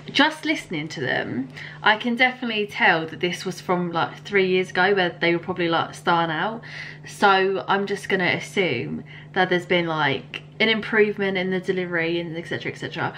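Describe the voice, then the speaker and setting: A woman hosting a reaction video, chatting casually, giggly and quick to enthuse. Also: lowish voice, a bit bright, a little hiss or hum. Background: hip hop track playing clearly.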